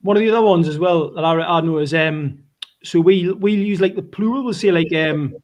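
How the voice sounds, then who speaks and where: A man's voice: high voice, normal speed, darkish tone. A man with a Geordie accent rambling through casual podcast chat, often correcting himself mid-sentence. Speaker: podcast co-host.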